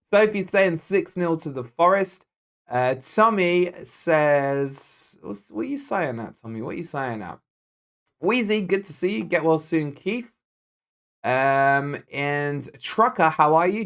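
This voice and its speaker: A man's voice: fairly high pitch, animated, measured pace. A man with a Scottish accent, born in Scotland, hosting a live football watch-along in a loose, jokey way and chatting back to viewer comments as he goes. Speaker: football fan channel host.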